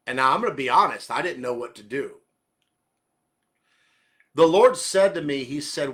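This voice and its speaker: A man's voice: fairly high pitch, sing-song, a little slow, bright, forceful tone. A man giving a conversational sermon, repeating and rephrasing his questions and checking in with the listener. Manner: repeats and rephrases questions, direct address with "okay?". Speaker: preacher.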